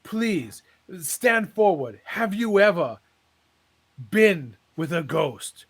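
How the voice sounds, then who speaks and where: A man voicing a showy, fervent male tent-revival preacher in a pompous preaching cadence with drawn-out pauses. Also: sits high, very animated, full character voice. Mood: solemn build-up.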